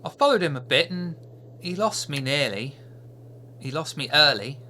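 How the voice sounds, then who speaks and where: A man voicing a young street boy who talks eagerly in rough, chatty street grammar. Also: high-pitched, sing-song, a little fast, pushed and bright, a little hiss or hum, pitched above the performer's own voice, full character voice.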